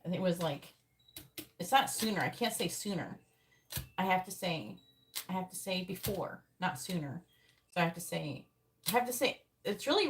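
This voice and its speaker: A woman's voice: lowish voice, slight background noise, rough recording. A woman doing a live-stream tarot reading, talking bluntly and swearing often as she explains how to word questions. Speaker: psychic tarot reader.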